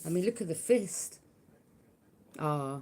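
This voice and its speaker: A woman's voice: sits low, expressive, takes it slowly, dark tone, slight background noise. A woman giving a live tarot reading. She taunts unseen enemies, laughs at them mockingly and keeps checking in with "yeah?". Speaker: tarot reader.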